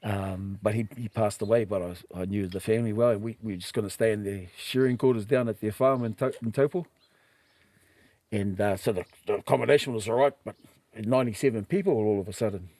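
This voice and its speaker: A man's voice: on the low side, brisk. A middle-aged man with a New Zealand accent, telling stories in casual chat and acting out what people said. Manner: animated, acts out quoted voices, laughs while telling. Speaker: podcast guest. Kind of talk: casual storytelling.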